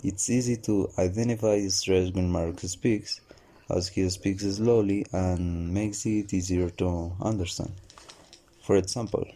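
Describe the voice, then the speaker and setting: Deep, slow man presenting to a class. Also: steady tone, dark tone, a little hiss or hum. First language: Spanish. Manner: slow, measured, with fillers. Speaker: student presenter.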